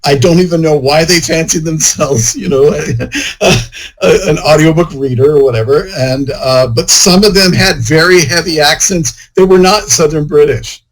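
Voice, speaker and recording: A man's voice: on the high side, normal speed, poor audio. A man, an author, chatting casually in an interview, rambling and full of "you know" fillers. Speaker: author and guest.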